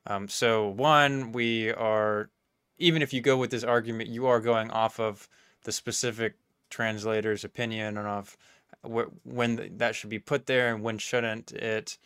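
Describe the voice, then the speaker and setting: A man hosting a podcast, asking questions in a casual, halting way. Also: on the low side, steady tone, fairly bright tone, clean tone, dry recording, clean studio sound. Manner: inquisitive, halting. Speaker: podcast host. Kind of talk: casual interview.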